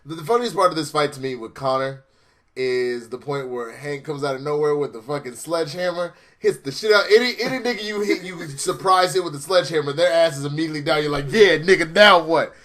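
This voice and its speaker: Guy with a bright punchy voice, kinda high, chatting and cracking up while retelling scenes. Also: fast. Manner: animated, laughing, acting out scenes in put-on voices. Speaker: co-host reviewing a TV episode. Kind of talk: casual chat.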